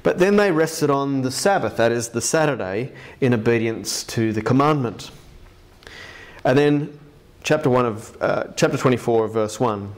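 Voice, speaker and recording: A man preaching a sermon in church, reading scripture aloud with lively, expressive emphasis. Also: medium pitch, moderate pace.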